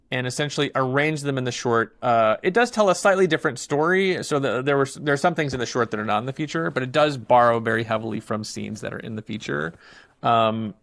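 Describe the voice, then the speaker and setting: A filmmaker, not from England, is interviewed about his film and talks casually and animatedly, packing his speech with fillers like an eager storyteller. His voice is mid-range, with no room sound.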